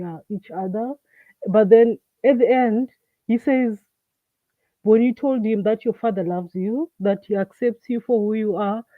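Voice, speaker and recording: Over a dry, tinny phone connection, an African woman caller talks casually in a mid-range voice. She hesitates a lot, using many fillers and starting over often.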